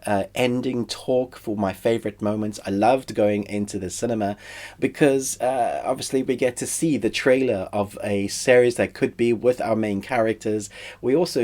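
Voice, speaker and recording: A man with a head cold and a stuffy, congested voice, giving a chatty, relaxed spoken review. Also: lowish voice. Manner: chatty, relaxed, uses fillers. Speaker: film and TV reviewer.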